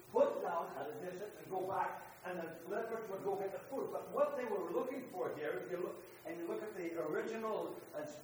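An older man giving an informal Bible study, reading scripture aloud and asking his listeners questions in an animated way. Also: high voice. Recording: echoey room from far off with faint noise.

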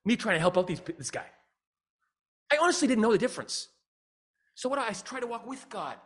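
A middle-aged man giving a humorous storytelling talk as a speaker and singer, animated and acting out dialogue. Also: brisk, slightly rough. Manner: animated, acts out dialogue with big pitch jumps.

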